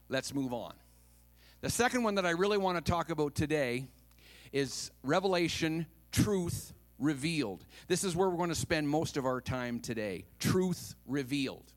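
Male preacher, dramatic sermon delivery, lively and fairly high-pitched. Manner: dramatic preaching, swings from hushed to loud. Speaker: pastor.

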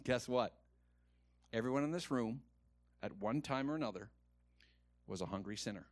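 A man preaching a sermon to a congregation, moving from quiet, earnest talk to loud, rising exhortation and having the room repeat lines after him. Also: medium pitch, expressive, normal speed, no room sound. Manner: calls on the congregation to repeat lines and raise hands. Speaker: pastor. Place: church.

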